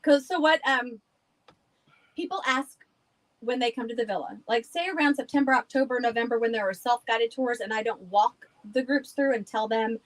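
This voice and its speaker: A woman's voice: a little high, moderate pace, poor audio. A woman guest on a podcast, chatting casually and rambling with frequent laughs. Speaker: guest, haunted house owner.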